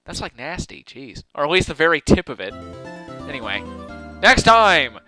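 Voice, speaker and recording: Joking young let's-play guy, bright voice. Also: on the high side, big pitch swings, moderate pace, faint music behind. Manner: joking, irreverent. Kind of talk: casual gameplay commentary.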